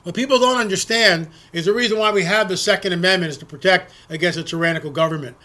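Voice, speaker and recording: A man's voice: high-pitched, fast, pushed and bright. A middle-aged man delivering a heated opinion monologue, ranting with repeated restarts and emphatic rhetorical questions. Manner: impassioned, repetitive, ranting with frequent restarts. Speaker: political commentary host.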